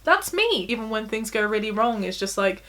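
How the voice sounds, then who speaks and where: A woman's voice: medium pitch, big pitch swings, fairly quick, fairly bright tone. A young woman vlogging in a casual, confessional chat, talking openly and laughing at herself. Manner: chatty, giggly, self-deprecating.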